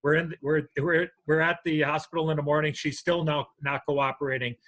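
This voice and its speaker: Older male co-host, bright and slightly high voice, animated storyteller. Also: a little fast, rough recording. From United States. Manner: animated, acts out voices in his anecdote. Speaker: podcast co-host. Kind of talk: storytelling in casual chat.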